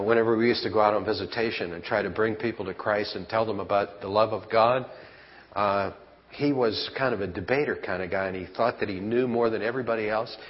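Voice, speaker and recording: A man preaching a sermon as pastor, folksy and conversational, asking his congregation rhetorical questions. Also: on the low side. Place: church. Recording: lo-fi church hall recording with long reverb.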